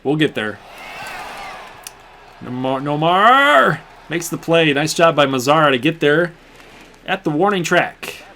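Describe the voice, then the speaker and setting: A man's voice: fairly high pitch, expressive, a little slow, pauses often, pushed and bright. A young man hosting a gaming channel, chatting to viewers with casual play-by-play while he plays a baseball video game. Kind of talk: casual gameplay commentary.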